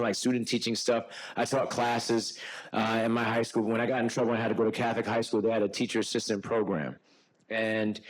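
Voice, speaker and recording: A man's voice: mid-range voice, rough recording. A middle-aged man, a physician, giving an earnest, conversational talk to an audience about his work, telling personal stories with frequent restarts. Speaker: physician and author speaking at a book discussion.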